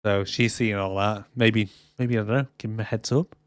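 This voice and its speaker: A man co-hosting a casual movie review podcast, sarcastic and quick to swear as he acts out scenes. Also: fairly low pitch, fairly even intonation, dry recording, studio quality. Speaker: podcast co-host.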